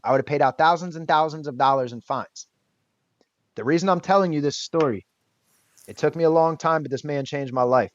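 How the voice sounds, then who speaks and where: A man guest on an interview podcast, telling a personal story in a casual, lively way and acting out what others said. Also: fairly high pitch, brisk, dry recording. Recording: dull lo-fi dry sound.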